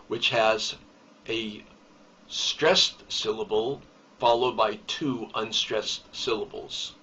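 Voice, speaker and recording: Male teacher, mid-range voice, slow deliberate delivery, distant dull lo-fi recording. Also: mid-range voice, fairly bright tone. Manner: slow, deliberate explaining with emphasis on key terms. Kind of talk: recorded poetry lesson.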